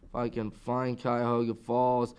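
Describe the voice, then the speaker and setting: A man hosting a sports talk show, giving a casual recap of scores and his picks in an excitable way, full of rhetorical questions and exclamations. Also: mid-range voice, measured pace, clean tone.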